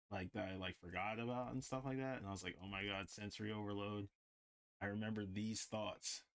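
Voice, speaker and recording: A man livestreaming while he draws, chatting casually and rambling with lots of "like". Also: on the low side. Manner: rambling, heavy use of "like". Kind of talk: casual chat while drawing.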